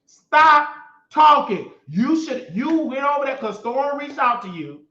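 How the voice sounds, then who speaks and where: High-voiced sassy man ranting gossip. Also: very animated, normal speed, fairly bright tone. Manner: sassy, mocking, repeats phrases for emphasis. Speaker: show host. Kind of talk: gossip commentary rant. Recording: echoey room, dull lo-fi sound.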